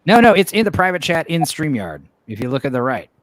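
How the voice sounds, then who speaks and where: A man's voice: on the high side, very animated, quick pace. A man hosting a casual podcast game night, talking loosely and laughing often. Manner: loose, rambling, laughs a lot. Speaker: podcast host. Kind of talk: casual chat while hosting a game stream.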